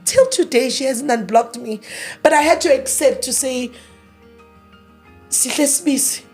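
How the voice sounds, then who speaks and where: A woman's voice: sits high, moderate pace, slightly rough, soft background music. A grieving woman in her thirties tells her story in an interview, emotional and repeating herself as she acts out past arguments in quoted dialogue. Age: 30s. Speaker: interview guest.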